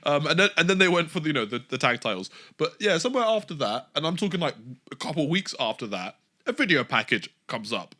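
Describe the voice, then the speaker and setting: A man's voice: on the high side, big pitch swings, fast, sharp tone. A young man co-hosting a casual wrestling chat, laughing often and swearing freely. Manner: laughs often, swears, does mocking impressions. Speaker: podcast co-host.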